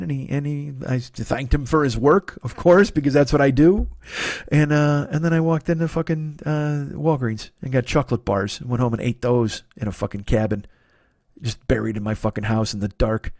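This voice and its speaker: A man's voice: medium pitch, darkish tone, no echo. Man, forties, solo comedy podcast, profane, rambling, self-deprecating, dry close sound. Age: 40s. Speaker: podcast host.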